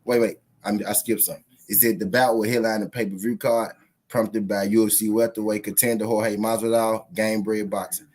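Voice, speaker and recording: Delivering flat, slightly quick commentary in a lowish, somewhat dark voice, the boxing channel host goes live casually. He talks directly to viewers, swears liberally and reads out a news article.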